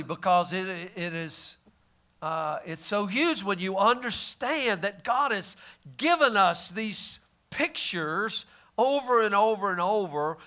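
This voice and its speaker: A man's voice: high voice, bright, forceful tone. A man teaching the Bible in a casual, folksy way, often restarting his sentences. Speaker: pastor.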